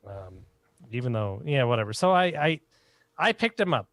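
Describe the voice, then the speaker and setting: A man of middle pitch tells a rambling story on a casual comedy podcast. He jumps into loud, high voices to act out what other people said. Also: normal speed, no echo. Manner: animated, acts out quotes in raised voices. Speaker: podcast co-host. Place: home recording, remote podcast.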